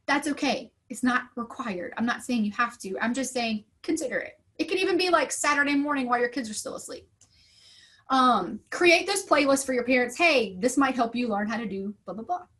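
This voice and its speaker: A woman teacher in her thirties giving an upbeat talk to fellow teachers, full of classroom stories and lively quoted voices. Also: fairly high pitch. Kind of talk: conference talk.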